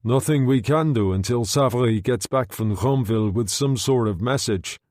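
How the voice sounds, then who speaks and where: A man's voice: mid-range voice, normal speed, a little mellow, no room sound, natural voice. Give me a man playing a reassuring, resourceful man in a dry room. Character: resourceful island man Gallagher.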